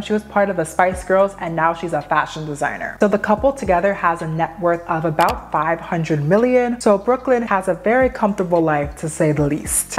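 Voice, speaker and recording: A woman giving casual commentary on her own video channel, chatty and wry, with plenty of slang. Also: on the low side. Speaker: commentary YouTuber.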